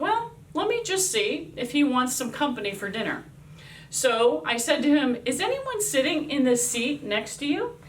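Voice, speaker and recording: Woman army chaplain in her fifties telling a devotional story, animated delivery, set back from a distant mic. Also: a little high, a little hiss or hum. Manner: lively, acts out quoted voices.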